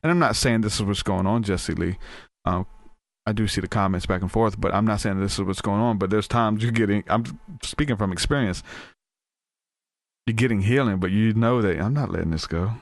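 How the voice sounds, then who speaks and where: A man hosting a podcast, telling a story in a loose, animated way and acting out what people said, with frequent restarts. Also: fairly low pitch, moderate pace, no room sound. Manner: animated, acts out quoted voices, frequent restarts. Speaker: podcast host.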